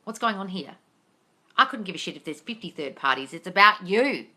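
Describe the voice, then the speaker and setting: A woman's voice: mid-range voice, lively intonation, fairly quick, bright, forceful tone. A woman answering viewer questions as a manifestation coach on a livestream, blunt and sweary, calling her viewers darling. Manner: affectionate asides to viewers.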